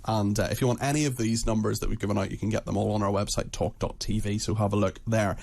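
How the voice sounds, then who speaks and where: Man, radio host, fast talker, jokey, brisk. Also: on the low side, fairly even intonation, gravelly, darkish tone. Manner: brisk and jokey, many quick agreements. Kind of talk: live radio chat.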